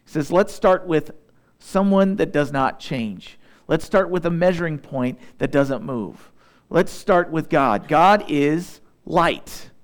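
This sermon comes from a Southeast Missouri pastor whose voice runs somewhat high. His scripture readings are slow and careful, and in between he chats with listeners in a relaxed, conversational way.

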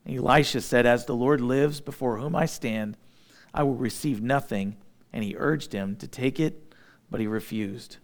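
A pastor preaching a sermon, reading scripture verses and explaining them in plain, folksy asides with light humor. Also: male voice, mid-range voice, moderate pace.

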